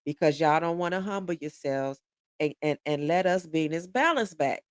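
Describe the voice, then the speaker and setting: A woman's voice: low-pitched, expressive, normal speed, no room sound, studio quality. Blunt, profane woman in her forties. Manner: blunt, profane and emphatic, restarting and repeating words. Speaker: podcast speaker. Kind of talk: candid podcast monologue.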